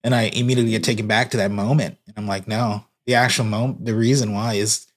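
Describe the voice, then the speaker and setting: A man's voice: lowish voice, steady tone, fast. A man, a guest on a podcast, telling an earnest story about his work in church broadcasting. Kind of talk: casual podcast conversation.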